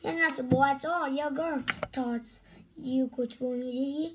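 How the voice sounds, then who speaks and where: A woman voicing a stern, booming male ship captain in a storybook read-aloud. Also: fairly even intonation, a little slow, creaky, noisy background. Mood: triumphant. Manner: booming, scolding.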